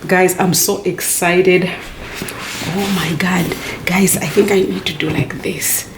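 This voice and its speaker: A woman with an American accent filming a casual unboxing vlog, gushing with excitement, calling her viewers "guys" and dropping to soft near-whispers as she handles the box. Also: fairly low pitch, slow, roomy sound, noisy background. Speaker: unboxing vlogger.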